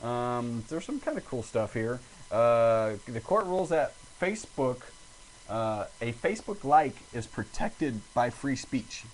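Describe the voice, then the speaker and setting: A man's voice: mid-range voice, very animated, measured pace, slight background noise, low-quality recording. Joking Southern man co-hosting a podcast. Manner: jokey, reads listener reviews aloud. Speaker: podcast co-host. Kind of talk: casual podcast chat.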